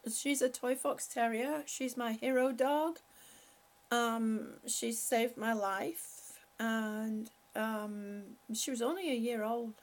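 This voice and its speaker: A woman hosting a casual live chat from home, rambling and laughing often as she talks to her pets. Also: a little high. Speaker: live-stream host.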